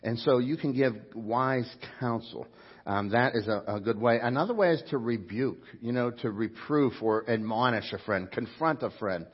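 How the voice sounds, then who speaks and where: A middle-aged pastor preaching a sermon in church, swinging between loud, emphatic bursts and quiet asides. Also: male voice, mid-range voice, moderate pace, slightly rough, lo-fi sound. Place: church sanctuary before a congregation.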